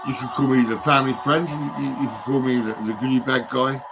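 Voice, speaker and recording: A man rants into a phone, rambling from one grievance to the next with lots of swearing and stammered restarts. His voice sits at an average pitch. The recording carries clear background noise. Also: fairly even intonation, fast talker. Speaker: vlogger. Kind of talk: rambling ranting monologue.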